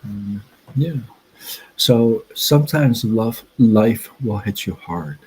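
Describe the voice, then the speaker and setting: A man hosting a casual livestream, telling a story in a rambling, halting way and breaking off to greet his chat. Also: on the low side, animated, darkish tone, slightly rough, rough recording. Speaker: livestream host.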